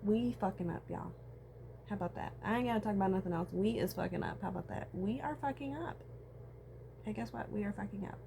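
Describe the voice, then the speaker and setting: A woman's voice: mid-range voice, fast, vocal fry, noisy background. A woman, talking in a casual, profane personal monologue. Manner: casual, profane, animated storytelling with frequent laughs.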